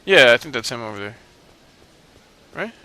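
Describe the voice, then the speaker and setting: A man's voice: mid-range voice, big pitch swings, normal speed, pushed and bright, dry recording. A young man hosting a let's play, giving casual, rambling gameplay commentary in a joking, self-mocking way.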